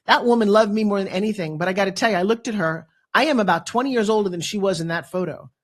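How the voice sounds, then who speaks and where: Woman in her fifties, dramatic and animated motivational speaker sharing her story as a talk show guest. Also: medium pitch, quick pace. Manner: animated, dramatic storyteller who acts out quotes.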